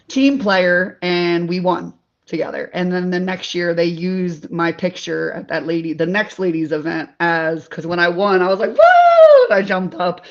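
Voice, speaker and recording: Chatty woman guest telling fun stories, laughs a lot, kinda muffled sound. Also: on the low side. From Delaware, USA. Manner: animated storyteller, laughs often. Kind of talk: casual interview chat.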